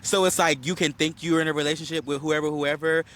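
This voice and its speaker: Male podcast co-host, slightly higher voice, animated gossip storyteller, a little choked up. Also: quick pace. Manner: animated storyteller, acts out quotes, many fillers. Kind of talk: casual chat recapping a reality show.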